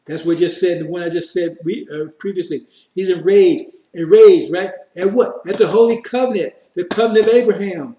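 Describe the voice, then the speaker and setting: Male street preacher with a high, mellow voice who hammers points through repetition; roomy echo. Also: brisk. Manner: repetitive, emphatic, addresses listeners as brothers. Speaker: preacher teaching scripture. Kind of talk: fiery street-style sermon.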